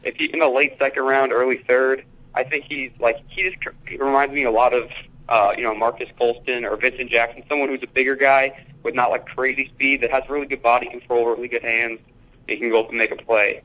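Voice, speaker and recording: A man's voice: mid-range voice, level tone, sharp tone. Young man calling in on a dull phone line. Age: young adult. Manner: rambling, halting football analysis. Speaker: caller. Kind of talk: casual call-in chat. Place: school hallway.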